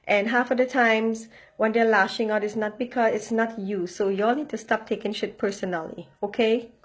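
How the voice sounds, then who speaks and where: A woman's voice: on the high side, fairly even intonation, normal speed. A woman vlogger giving casual, blunt life advice straight to her viewers, swearing freely and checking in with a frequent "okay?". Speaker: motivational vlogger. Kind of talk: casual direct-to-camera advice.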